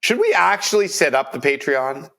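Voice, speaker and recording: A man co-hosting a casual podcast, joking around with animated banter. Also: a little high, moderate pace. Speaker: podcast co-host.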